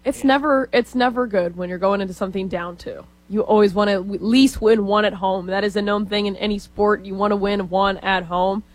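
A woman's voice: mid-range voice, steady tone, brisk, few pauses, dry recording, poor audio. A woman in her twenties from Texas, co-hosting a casual sports talk show and rambling with lots of fillers.

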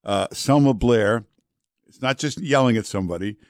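A man's voice: mid-range voice, moderate pace, dry recording. Male talk radio fill-in host, loose and jokey, dead-dry studio mic. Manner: joking, loose, with many "uh" fillers. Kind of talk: casual talk radio banter.

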